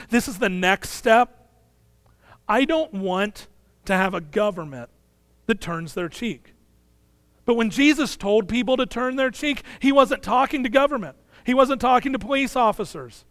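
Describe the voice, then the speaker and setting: A pastor in his thirties preaches with a high, light voice, earnest and pressing, then sinks quiet on the lines he wants to land. The sound is dry and close, with no room around it. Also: no echo. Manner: earnest preaching, dropping soft on key phrases. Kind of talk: sermon.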